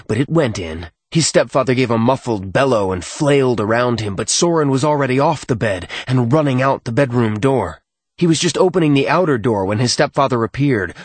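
A man reading a novel aloud as narrator, in a measured and subdued storytelling manner. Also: mid-range voice, slightly rough, no echo. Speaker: audiobook narrator. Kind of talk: scripted narration.

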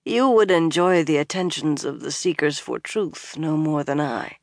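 Narrator doing a cold high-born lady with a slurred drawl, slow and low and hushed, very close and dry with no room sound. Her voice stays level and commanding throughout. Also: no room sound, close to an everyday voice.

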